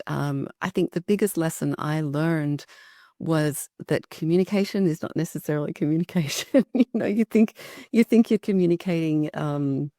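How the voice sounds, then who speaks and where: A middle-aged woman with an Australian accent talks through an interview in a low, gravelly voice. She chats easily, laughing often and restarting her sentences. The sound is dry and close. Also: dark tone, no room sound. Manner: chatty, laughs often, many restarts and fillers. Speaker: guest, leadership consultant and author. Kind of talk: casual interview chat.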